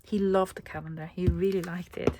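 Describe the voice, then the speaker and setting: A young craft vlogger with a warm, level voice on the low side chats a little fast and playfully with her viewers as she works, calling them love and sometimes dropping to a whisper. Slight hiss or hum sits under this casual crafting chat.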